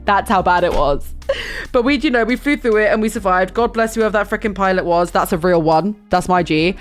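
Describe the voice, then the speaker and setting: A young woman streamer telling a chaotic travel story in casual chat, animated and full of fillers and restarts. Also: mid-range voice, brisk, soft background music.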